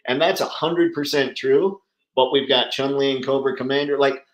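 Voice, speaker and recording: A man's voice: mid-range voice, steady tone, moderate pace, roomy sound, muffled recording. A man hosting a casual livestream chat, talking enthusiastically and answering viewers by name. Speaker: livestream host.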